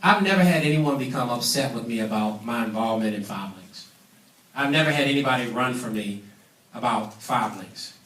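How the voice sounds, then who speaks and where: A man's voice: mid-range voice, animated, normal speed, a bit bright. A man giving an emphatic business training talk to a live audience, preaching his points and calling for responses. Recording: echoey room, mic at a distance.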